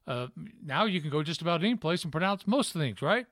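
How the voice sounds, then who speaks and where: A man's voice: fairly high pitch, expressive, fairly quick, a bit bright, no echo. Male podcast host from Tennessee, ex-radio, folksy storyteller, faint Southern accent, dry close mic. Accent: trained-down Southern. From Memphis, Tennessee. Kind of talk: casual interview chat.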